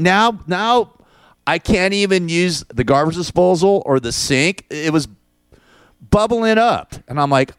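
A middle-aged man hosts his own show in a loose, rambling monologue. His voice is smooth and resonant, and the recording is dry and close with no room sound. He tells his stories with crude humor and plenty of swearing. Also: fairly high pitch, moderate pace, no room sound. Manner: crude, swearing, animated storytelling. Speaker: show host.

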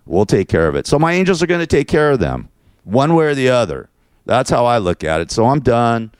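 A man's voice: medium pitch, big pitch swings, brisk, smooth, no echo, clean studio sound. A man hosting his own show, venting in a rambling, repetitive, frustrated monologue. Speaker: show host.

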